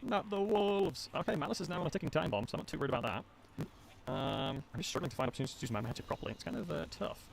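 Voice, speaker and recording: His mid-range voice races along with big pitch swings and a creaky texture as he streams a strategy game tournament match. The young man chats casually and mocks himself in good humor. A little hiss or hum is audible.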